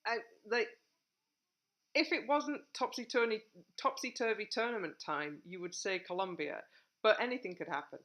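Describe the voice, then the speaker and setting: A woman hosting a casual podcast chat, briskly steering the conversation from topic to topic. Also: mid-range voice, fairly bright tone. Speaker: podcast host.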